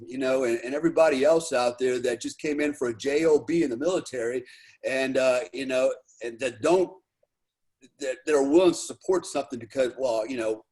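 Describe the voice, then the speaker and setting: A man from the United States talks loosely and at length, his sentences wandering and restarting. He swears freely and leans on "you know" in nearly every breath. His voice sits at an ordinary middle pitch. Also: a little mellow. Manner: rambling, heavy use of "you know", profane. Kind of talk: casual chat.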